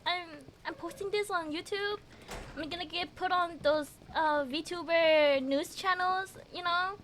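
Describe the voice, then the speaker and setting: A woman's voice: very high voice, unhurried, fairly bright tone, slight background noise. A woman streaming a game, giggling often and chatting with her viewers as she plays. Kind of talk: casual gameplay commentary.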